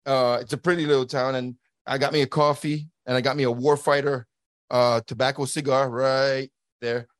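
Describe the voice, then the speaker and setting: In studio-quality audio with no room sound, a middle-aged man speaks at medium pitch, level in tone and normal in speed. He's a guest and former border agent telling a personal story earnestly, playing out quoted dialogue and frequently starting his words over.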